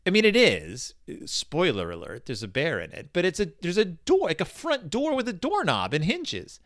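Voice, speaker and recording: A man's voice: high voice, normal speed, dry recording, studio quality. A man joking his way through a comedic book commentary, rambling into sarcastic tangents. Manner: sarcastic, animated.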